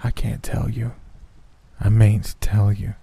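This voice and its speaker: A man's voice: on the low side, flat delivery, slow pace, gravelly, dark tone, slightly rough, voice pushed up, heavily acted. A man voicing the miserable ghost of an executed man, pleading and broken by sobs and whispers. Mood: fading, desperate.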